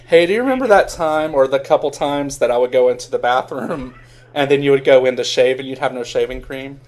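This podcast host from Virginia has a brisk, mid-range voice. He chats casually, spinning animated stories and laughing often.

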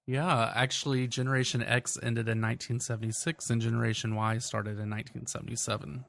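A man's voice: mid-range voice, little pitch movement, brisk, creaky, fairly bright tone. A man in his thirties from Virginia, co-hosting a casual chat in a laid-back way and laughing easily. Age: 30s. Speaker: co-host.

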